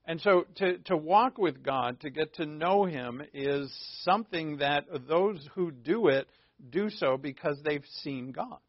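A man with a fairly high, expressive voice preaches at a measured pace, leaning on rhetorical questions and offhand asides in a conversational sermon. He's a pastor, recorded dry and dull on lo-fi equipment with no room sound.

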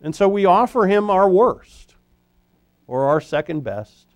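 A man preaching an expository sermon in a conversational, animated way, often restarting his sentences. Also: high-pitched, measured pace, dry recording. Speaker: pastor; former high school teacher.

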